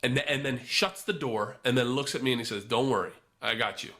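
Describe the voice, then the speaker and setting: A man's voice: medium pitch, a little fast. A young man telling a wild story in casual podcast chat, swearing freely and acting out the other people's voices. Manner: animated, profane storyteller who acts out voices. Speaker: podcast guest.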